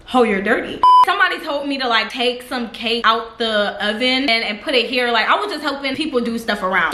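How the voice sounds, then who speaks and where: A woman's voice: on the high side, pushed and bright, reverberant. A young woman telling a storytime vlog in a blunt, sassy, slangy way. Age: young adult. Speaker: vlogger.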